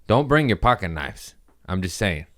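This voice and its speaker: Young male comedian host, lowish voice, loose crude storytelling, laughs at own bits. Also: sing-song, normal speed, a bit bright. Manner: rambling, crude, laughs at his own jokes. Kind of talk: casual comedic monologue.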